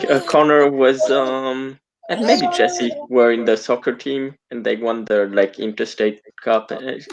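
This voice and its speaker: A man playing a tabletop game, speaking hesitantly with many pauses while describing a scene. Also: mid-range voice, creaky, rough recording. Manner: hesitant, full of fillers. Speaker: player. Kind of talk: casual tabletop role-play.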